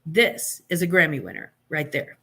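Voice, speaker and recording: A woman's voice: low voice, expressive, normal speed, gravelly, a bit bright, breathy edge. A woman hosting a live stream, giving blunt, sarcastic opinions in casual chat, with many fillers and restarts.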